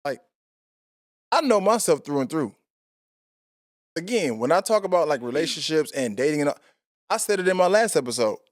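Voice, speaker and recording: Male podcast host, 30s, blunt and cussing, fairly high voice, dry studio sound. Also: normal speed, pauses often, no room sound. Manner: blunt, profane, animated. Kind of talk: casual chat.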